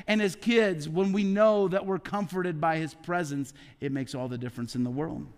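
A middle-aged man preaching a sermon as pastor, who often drops into a low hushed voice. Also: normal speed, clean tone. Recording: long hall reverb.

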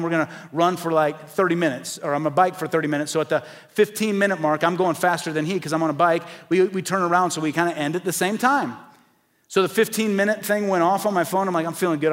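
High-voiced pastor preaching in a reverberant hall. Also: male voice. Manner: animated, acts out quoted voices. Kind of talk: sermon storytelling.

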